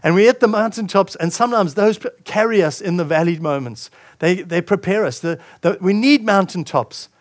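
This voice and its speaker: A man preaches a sermon to his congregation. He reads scripture aloud and then comments on it, often restarting his sentences. His speaking voice sits slightly high for a man. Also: expressive, normal speed, few pauses. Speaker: pastor.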